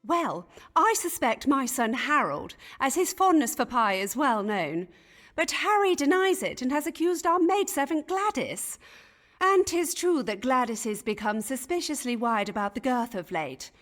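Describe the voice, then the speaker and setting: Casting: flustered period gentlewoman, high bright voice with wide swoops, chattering old-fashioned speech. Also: big pitch swings, normal speed. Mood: gossipy. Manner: chattering archaic speech, easily scandalised. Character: fussy, gossipy Elizabethan gentlewoman.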